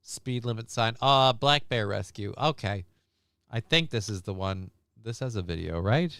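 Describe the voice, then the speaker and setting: A man's voice: fairly low pitch, animated, measured pace, a bit bright, clear, resonant tone, dry recording, clean studio sound. A man co-hosting a casual stream, joking crudely and swearing often, with a voice that tends to crack. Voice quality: voice prone to cracking. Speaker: stream co-host. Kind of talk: casual chat.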